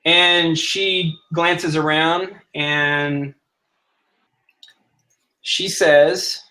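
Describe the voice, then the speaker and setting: A man's voice: a little high, fairly even intonation, very slow, sharp tone, poor audio. A man narrating as game master of a tabletop role-playing game, who plays the characters in his own voice.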